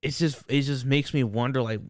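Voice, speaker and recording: A man's voice: mid-range voice, steady tone, fairly quick, no room sound, clean studio sound. A young man co-hosting a podcast, rambling in casual chat with lots of swearing and restarts. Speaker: podcast co-host.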